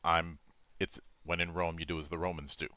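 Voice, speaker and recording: Crisp, bright-voiced man discussing games. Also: sits low, flat delivery, a little fast, no room sound. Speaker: co-host. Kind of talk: casual chat about game trailers.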